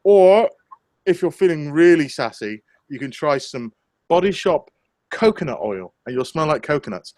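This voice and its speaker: A man's voice: on the high side, big pitch swings, moderate pace, a little mellow, no room sound. A man co-hosting a casual chat, joking crudely and wandering off on tangents. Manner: crude, jokey, goes off on tangents. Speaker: podcast co-host.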